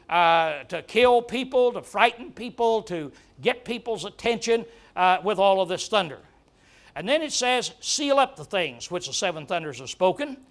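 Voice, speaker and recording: A man preaching with a high voice, earnest and emphatic. He often repeats words for stress and builds his points step by step. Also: a bit bright. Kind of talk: sermon.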